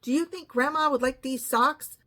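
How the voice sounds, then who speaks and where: A woman's voice: high voice, normal speed, sharp tone. Brief: woman quoting a middle-aged woman with a whiny, babyish delivery. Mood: childish. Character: grown woman acting childish toward elderly mother.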